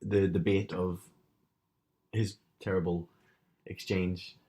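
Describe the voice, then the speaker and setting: Northern irish guy on a podcast, kinda low voice, dry and jokey, laughs at his own stories. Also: little pitch movement, slow, dark tone. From Northern Ireland. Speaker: podcast co-host. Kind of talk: casual chat.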